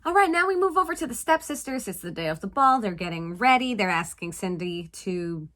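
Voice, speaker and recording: A woman hosting a casual movie-recap vlog, talking in an animated, playful way with sarcastic asides. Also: mid-range voice, brisk. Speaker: vlog host reviewing a film.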